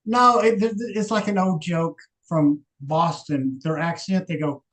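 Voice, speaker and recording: A man's voice: high-pitched, fairly even intonation, measured pace, a bit bright, low-quality recording. A man from Texas chatting casually as a livestream guest, easygoing and telling stories. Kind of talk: casual chat.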